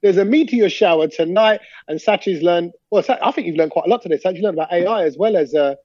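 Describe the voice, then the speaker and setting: A man hosting a podcast, teasing and animated, restarting his sentences in casual banter. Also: high-pitched, quick pace, no room sound, lo-fi sound. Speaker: podcast host.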